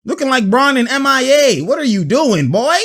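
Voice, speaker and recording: A man talks through basketball footage in a loose, slangy commentary style. His voice sits high and swings widely as he reacts. He laughs often and calls out plays in quick bursts. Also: very animated, a bit bright. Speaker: basketball video analyst. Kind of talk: casual game-breakdown commentary.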